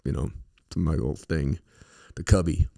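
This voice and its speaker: At a moderate pace and with fairly even intonation, a middle-aged man from the western U.S. hosts a podcast in a very deep, mellow voice touched by vocal fry. He rambles casually through stories, swearing and filling gaps with fillers.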